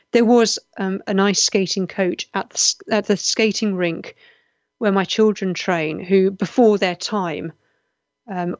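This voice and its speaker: A woman's voice: mid-range voice, no echo, muffled recording. A middle-aged woman from the West Country of England, hosting a live chat show and reading out viewers' comments in an earnest, chatty way. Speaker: host.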